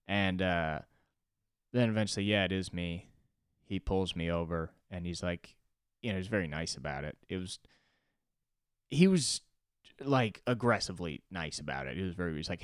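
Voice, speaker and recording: A young man with a very low, smooth voice hosts his own comedy podcast alone. He rambles and swears, jumping from loud outbursts to low mumbles, and the recording is close and dry. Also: normal speed, no room sound. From Los Angeles. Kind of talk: solo podcast monologue.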